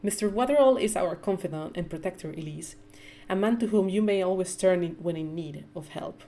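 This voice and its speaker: A woman voicing a poised aristocratic mother who speaks in a calm, instructive, commanding way. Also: lowish voice, a little fast, lightly acted.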